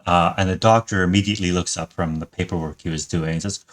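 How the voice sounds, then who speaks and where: A man's voice: sits low, steady tone, fast talker. A man narrating and running a tabletop game in an easygoing way. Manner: easygoing, plain narration with fillers. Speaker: game master.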